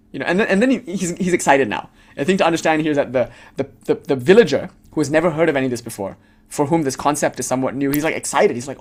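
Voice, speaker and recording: A man's voice: a little high, lively intonation, fast talker. A man giving a casual spiritual lecture full of storytelling, rambling and filling his sentences with "like.". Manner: rambling, heavy use of "like", laughs.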